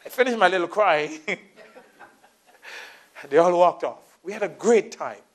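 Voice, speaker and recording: Male pastor, middle-aged, high voice; storytelling sermon delivery with quiet asides and sudden emphatic peaks. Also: expressive, unhurried. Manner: storytelling, shifts between soft asides and raised emphatic lines.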